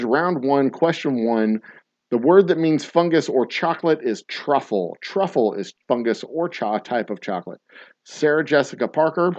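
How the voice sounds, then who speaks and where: A man runs a casual bar trivia game, reading answers and drifting into jokey stories. His voice sits at a middling pitch. The sound is dry and dull, a bit lo-fi. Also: darkish tone, no room sound. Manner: jokey, rambling dad-joke storyteller. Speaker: trivia host. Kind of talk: casual live-stream trivia hosting.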